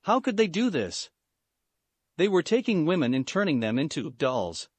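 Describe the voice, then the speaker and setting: A man's voice: fairly high pitch, big pitch swings, moderate pace, slightly rough, no echo. A man voicing a wary, frightened young woman in a plain read-aloud story. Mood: uneasy.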